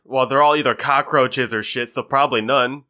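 A man's voice: mid-range voice, fairly even intonation, moderate pace, sharp tone. A man co-hosting a podcast in casual chat, laid-back and a bit hesitant. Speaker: podcast co-host.

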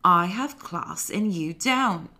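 A woman's voice: lowish voice, animated, takes it slowly, sharp tone, heavily acted. Haughty girl at camp in a wobbly mock-British accent, done by a woman.

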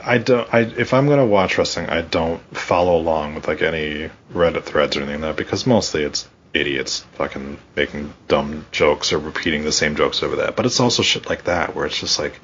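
Man, very low voice, profane ranting podcast co-host, muffled lo-fi sound. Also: a little fast, few pauses, fairly bright tone, slight background noise. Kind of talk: casual wrestling podcast chat.

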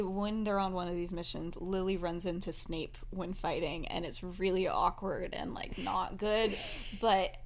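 A woman's voice: medium pitch, a little hiss or hum. Young female podcast host, chatty storyteller, laughs a lot, acts out her characters' lines. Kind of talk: casual fan-fiction storytelling chat.

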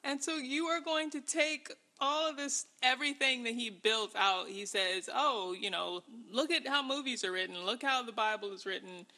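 A woman's voice: fairly high pitch, moderate pace, hardly any pauses, pushed and bright. A woman hosting a podcast in casual conversation, wry and dry in tone. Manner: wry, mocking quoted lines. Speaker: podcast host. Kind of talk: casual critical chat.

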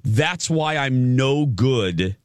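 A man's voice: medium pitch, expressive, extremely slow, no room sound, studio quality. A man hosting a morning radio show, chatting casually, self-deprecating and stumbling over his words. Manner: self-deprecating, laughs often, stammers and restarts. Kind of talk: casual on-air banter. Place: radio studio. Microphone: studio microphone.

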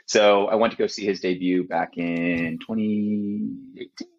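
Deep guy, relaxed and filler-heavy, dull audio. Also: unhurried, vocal fry. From Austin, Texas. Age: young adult. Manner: easygoing, many fillers. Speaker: podcast guest. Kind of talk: casual chat.

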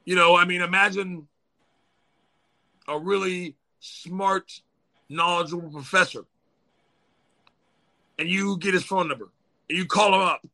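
A man with a high, sharply bright voice holds court on a podcast. He speaks casually and drops swear words freely, acting out quick little characters to make his points. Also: fairly even intonation, creaky. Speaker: podcast host.

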